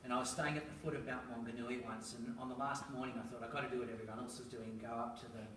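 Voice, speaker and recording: A middle-aged man gives a talk on raising children, spinning anecdotes and tossing in rhetorical asides with a chuckle. He is picked up from some distance in an echoey room, and steady noise sits under his voice. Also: mid-range voice, very fast. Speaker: speaker on parenting, school educator. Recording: roomy, distant, noisy room recording.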